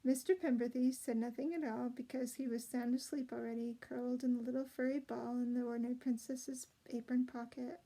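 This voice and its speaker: A woman reading a children's storybook aloud in a gentle, expressive way. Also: on the high side, rough recording. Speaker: storybook reader.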